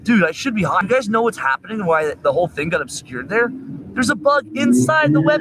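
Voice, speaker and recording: A man's voice: high voice, big pitch swings, brisk, background noise. A young man ranting profanely into a laptop webcam during a rambling livestream, agitated and cursing. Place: indoors at a laptop. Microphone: laptop webcam mic.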